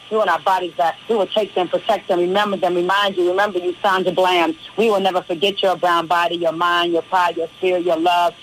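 A woman's voice: fairly low pitch, poor audio. Rhythmic, emphatic woman poet. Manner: rhythmic, emphatic, building refrains; relaxed and chatty between poems. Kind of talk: spoken-word poetry performance and radio interview.

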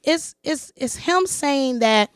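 A woman's voice: sits high, animated, slow, no room sound, studio quality. A woman hosting a casual conversation, talking emphatically and repeating phrases for stress. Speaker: podcast host.

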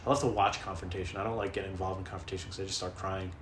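A man's voice: little pitch movement, rapid-fire, a little hiss or hum. Profane rambling man in echoey room. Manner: profane, rambling, mimics others in high squeaky voices. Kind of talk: casual comedic monologue. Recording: echoey room, faint background.

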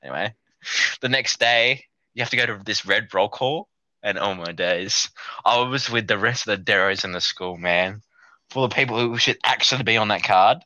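A man's voice: on the low side, normal speed, sharp tone, no room sound. A young man telling a rambling, sweary story in casual chat, acting out his younger self. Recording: dull lo-fi dry sound.

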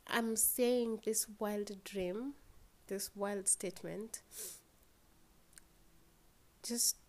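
A woman's voice: medium pitch, steady tone, very slow, warm tone. A tired young woman with a Kenyan accent hosts a casual solo podcast, rambling, yawning and swearing freely as she switches between English and Swahili. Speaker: podcast host.

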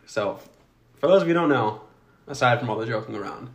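A man's voice: medium pitch, animated, fast, reverberant. A man hosting a podcast, chatting casually, joking, swearing and laughing often. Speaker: podcast host. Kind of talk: casual chat.

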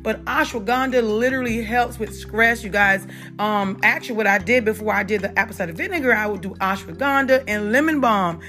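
A woman's voice: medium pitch, fairly quick, sharp tone, soft background music. A middle-aged woman with a Southern accent, talking casually and unedited about natural health and faith, with many fillers and repeated "you guys" and "y'all". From South Carolina. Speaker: holistic health talk host.

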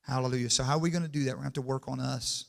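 A man preaching a sermon in church, calling for amens and building from quiet to loud and emphatic. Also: mid-range voice, steady tone, very fast, creaky. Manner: call-and-response, asks the congregation for amens.

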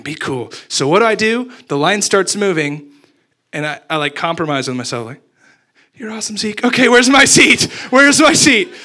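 A young man from Abilene, Texas, preaches a storytelling sermon in a slightly high, somewhat bright voice. He tells a self-mocking story and acts out his own thoughts.

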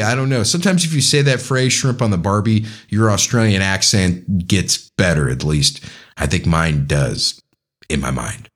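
A man's voice: lowish voice, animated, normal speed. A man hosting a podcast, rambling in a casual political monologue, talking straight to his listeners and often correcting himself. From United States. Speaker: podcast host.

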